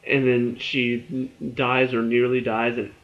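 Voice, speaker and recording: A man's voice: mid-range voice, flat delivery, measured pace, lo-fi sound. A young man giving a casual spoken TV review, ranting in exasperation and stumbling over his words. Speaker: TV review vlogger.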